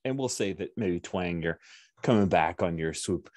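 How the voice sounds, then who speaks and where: A man's voice: deep voice, expressive, moderate pace, darkish tone, dry recording, studio quality. A man narrating a tabletop game as game master, chatty and enthusiastic.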